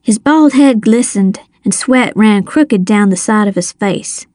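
A woman reading a first-person children's adventure story aloud, measured and suspenseful, on a close mic. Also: mid-range voice, animated, darkish tone, no echo. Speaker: audiobook narrator.

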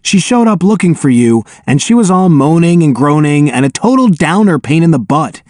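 Teen boy figure, read by a man, sarcastic, mocking, higher voice, lively pitch. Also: normal speed, no echo, clean studio sound. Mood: teasing. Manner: sarcastic, needling. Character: wisecracking teenage boy, sharp-tongued.

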